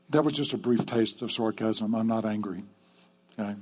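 A man's voice: fairly low pitch, moderate pace, darkish tone. A man preaching a sermon to his church in a conversational way, often checking in with the congregation with "okay?". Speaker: pastor.

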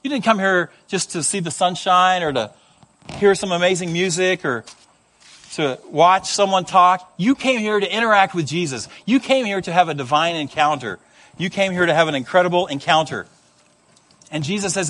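A man preaching with a noticeably high voice, animated and playful. He acts out the people he quotes and slips in humorous asides while addressing his congregation. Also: moderate pace. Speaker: pastor. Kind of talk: sermon. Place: church service before a congregation.

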